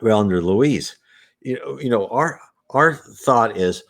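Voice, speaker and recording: A man's voice: fairly low pitch, expressive, takes it slowly. A man hosting a spiritist program, talking casually and rambling with many restarts. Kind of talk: casual spoken commentary.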